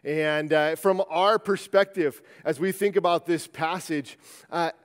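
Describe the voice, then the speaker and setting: In a church sanctuary, a pastor with a fairly high voice gives a sermon in a steady tone, speaking a little slowly. He talks conversationally, often restarting and repeating words. The room adds a long, lingering reverb.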